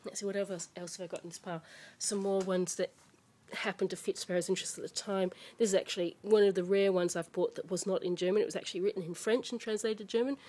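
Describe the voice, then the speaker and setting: Mid-pitched woman, chatty home vlog to camera, rambling delivery with restarts. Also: steady tone, quick pace, hardly any pauses, dark tone. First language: English. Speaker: parent showing children's books. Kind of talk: casual show-and-tell chat. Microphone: camera mic.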